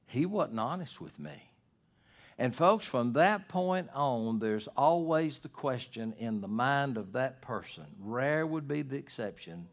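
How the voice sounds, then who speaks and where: A man delivers a sermon from the pulpit. He preaches earnestly, rising to loud, emphatic points and dropping to low, hushed asides. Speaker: pastor.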